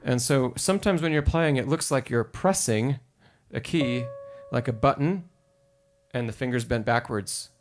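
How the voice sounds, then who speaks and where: A man's voice: medium pitch, unhurried. A man teaching piano on a live stream, giving encouraging feedback and singing short phrases to show how they should sound. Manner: encouraging, sings phrases to demonstrate. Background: piano music.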